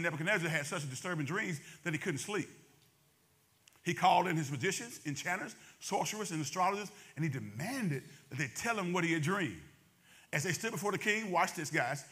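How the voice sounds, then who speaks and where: A man preaching a sermon as pastor, talking fast and calling out to the congregation. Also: high voice, animated, bright, forceful tone, slightly rough.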